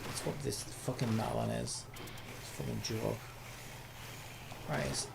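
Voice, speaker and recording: A man's voice: mid-range voice, steady tone, a little slow, gravelly, heavy background noise. A man streaming a game, ranting at it in sarcastic, profane commentary.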